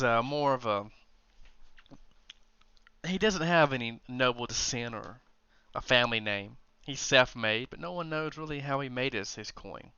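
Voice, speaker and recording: A man narrating a tabletop game as game master, often pausing and restarting. His voice is bright and smooth, recorded dry and close. The sound is dull and lo-fi. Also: medium pitch, no echo. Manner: hesitant, many restarts while narrating.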